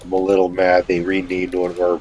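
A man chatting on a casual gameplay live stream as a co-player, jokey and quick to laugh at himself, over dull lo-fi voice chat audio. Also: low voice, monotone, darkish tone. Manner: jokey, laughs at his own jokes.

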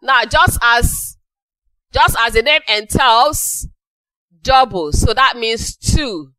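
A woman teaches a class with a bright, forceful, crisp voice that sits a little high. She goes over key phrases again, slowing them down so they sink in. The sound is dry and close. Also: no echo, rough recording. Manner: repeats key phrases slowly for emphasis. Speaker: English teacher. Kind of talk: classroom lecture.

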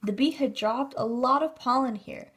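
A woman narrating a children's storybook in a steady, expressive reading. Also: on the high side, moderate pace.

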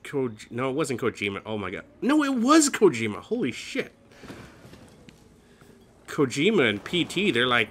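A man's voice: medium pitch, huge pitch swings, normal speed, pauses often, a bit bright, a little hiss or hum. A man hosting a horror game let's play, nervous and jumpy, swearing often and cracking self-mocking jokes.

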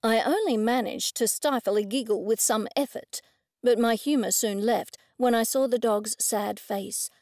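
A woman reading a first-person cozy mystery audiobook in a clear, measured way. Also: on the high side, darkish tone, no echo, studio quality. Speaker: audiobook narrator.

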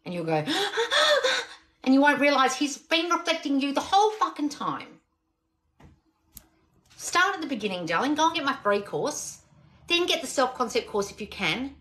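A woman's voice: high-pitched, a bit bright. A woman, a manifestation coach answering questions on a live stream, blunt and exasperated, swearing often.

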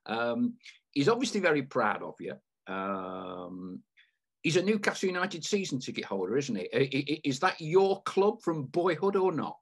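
A man's voice: mid-range voice, sing-song, moderate pace, husky. A man hosting a podcast, asking rambling, chatty questions with lots of fillers. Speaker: podcast host. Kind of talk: casual interview.

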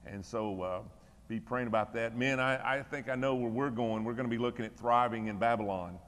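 A man's voice: medium pitch, fairly quick, fairly bright tone, big-room sound. A middle-aged man serving as pastor, giving church announcements and prayer requests in a folksy, conversational, encouraging way in a church room.

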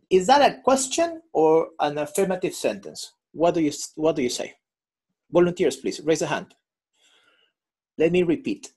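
Husky man teaching an online class. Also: on the high side, sing-song, moderate pace, darkish tone. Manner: patient, explaining and repeating examples. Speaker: English teacher. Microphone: video call.

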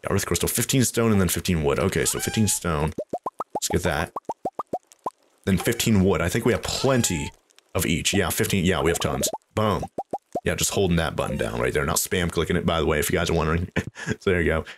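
Lively low-voiced man rambling over gameplay. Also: a little fast, noisy background. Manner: rambling, thinks aloud, talks to viewers. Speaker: let's play host. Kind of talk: casual gameplay commentary. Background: game music.

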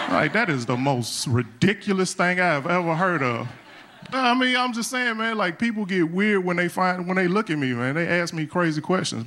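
A man's voice: on the high side, expressive, fairly quick, fairly bright tone. A young adult man doing a live stand-up routine on a comedy club stage, talking loosely and conversationally with slangy asides.

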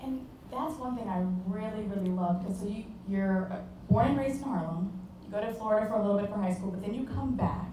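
A woman's voice: medium pitch, fairly quick, mellow, far from the mic, a little hiss or hum. Woman asking questions from across an echoey room. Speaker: host, interviewer. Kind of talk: fireside chat interview.

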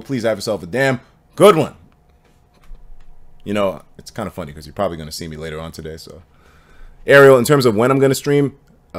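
Male streamer, loose and profane chat with viewers, very expressive pitch. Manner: animated and profane, joking with chat. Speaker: game streamer. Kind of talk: casual live-stream chat.

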